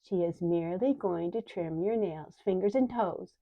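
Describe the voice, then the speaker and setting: A woman's voice: fairly low pitch, moderate pace. A woman voicing an arrogant, ambitious man who speaks in a sing-song, commanding way. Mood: condescending. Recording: dull lo-fi recording.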